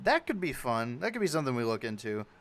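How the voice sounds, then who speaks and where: Excitable man hosting a stream. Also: mid-range voice, fast talker. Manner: excitable, reads out donations. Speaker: stream host. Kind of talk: casual live-stream chat.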